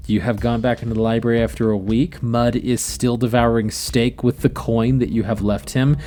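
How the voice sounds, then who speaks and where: A man's voice: medium pitch, flat delivery, normal speed, mellow. A man narrating as game master of a tabletop game, playful and vivid.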